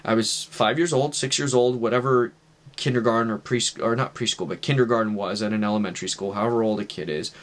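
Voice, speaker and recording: A man's voice: fairly low pitch, steady tone, quick pace. A man earnestly recounting a personal story, conversational and direct, acting out the voices in his quotes. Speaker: testimony vlogger.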